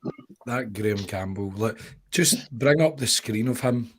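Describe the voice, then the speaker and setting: A man co-hosting a podcast, talking in an animated, crude, jokey way. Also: lowish voice, measured pace, crowd noise. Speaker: podcast co-host. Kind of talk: casual political chat.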